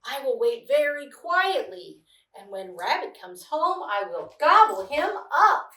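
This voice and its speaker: A woman voicing a sly, boastful male tiger in a storybook read-aloud, with a lowered, chuckling voice. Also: very animated, measured pace, pushed and bright, roomy sound, recorded from a distance, exaggerated voice, low-quality recording.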